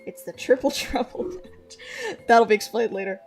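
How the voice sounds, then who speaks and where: A woman reading her old fantasy novel aloud on a livestream, animated, with casual asides. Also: a little high, normal speed, faint music behind.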